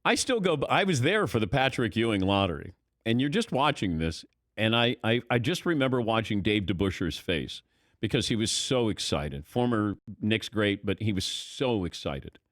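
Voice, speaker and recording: A middle-aged man hosting sports talk radio, telling stories with lively energy and acting out his own past thoughts. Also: on the low side, normal speed, dry recording, studio quality.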